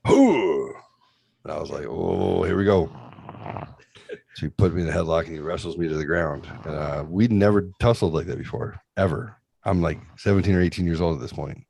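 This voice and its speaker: Young male host, very low voice, dry close sound, rambling and profane storyteller. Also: fast talker, hardly any pauses, dry recording. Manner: profane, rambling, animated retelling. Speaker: podcast host. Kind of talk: casual storytelling.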